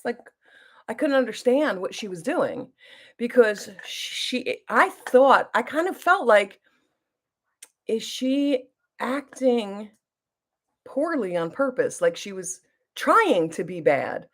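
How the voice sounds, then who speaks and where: Doing her makeup and reading out viewers' comments, a middle-aged woman hosts a relaxed get-ready-with-me chat as a beauty vlogger. Her voice leans high, very animated, and she takes her time.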